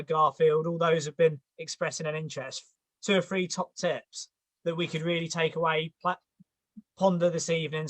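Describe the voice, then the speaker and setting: A man's voice: on the high side, a bit bright, no echo. A man hosting an interview, asking long rambling questions with enthusiasm and frequent repeats. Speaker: host.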